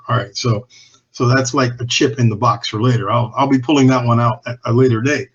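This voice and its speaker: A man's voice: medium pitch, fairly even intonation, fairly quick, a bit bright, husky, lo-fi sound. A man guesting on a podcast, telling cigar-industry stories in a candid, profane, rambling way that often restarts and trails off. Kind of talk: casual anecdotal storytelling.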